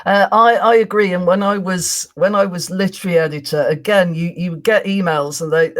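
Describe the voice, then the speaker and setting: A woman's voice: lowish voice, steady tone, normal speed. A woman hosting a book podcast, listening closely and chatting about her time as an editor. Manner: attentive listener, murmurs agreement. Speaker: host. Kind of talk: casual chat.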